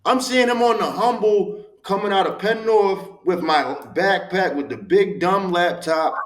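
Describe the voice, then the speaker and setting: Animated man in his forties. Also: sits high, unhurried, roomy sound. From Baltimore, USA. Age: 40s. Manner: animated, street-talking, profane, emphatic. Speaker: podcast guest. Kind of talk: candid storytelling interview.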